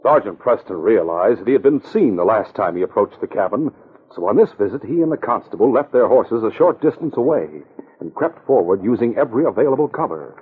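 A man giving steady, dramatic scripted narration for a 1950s radio drama, on a tinny old broadcast. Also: on the low side, fairly quick, slight background noise.

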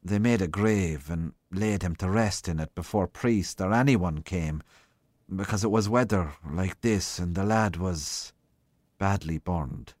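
A man voicing a heavy, irritable Irish police sergeant who speaks in a flat, curt way. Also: low voice, unhurried, no echo, studio quality. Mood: weary.

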